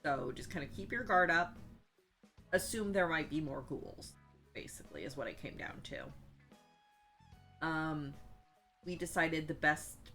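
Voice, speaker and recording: A woman's voice: low-pitched, expressive, measured pace, long pauses, pushed and bright, soft background music. A woman casually recapping a tabletop role-playing session, rambling with many fillers and asides. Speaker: player recapping a tabletop game.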